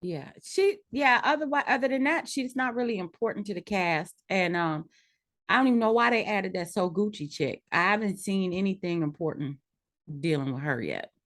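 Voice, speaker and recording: A woman's voice: medium pitch, lively intonation, moderate pace, a bit bright. A woman co-hosting a casual chat recapping reality TV, frank and opinionated with a dry edge. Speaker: podcast co-host.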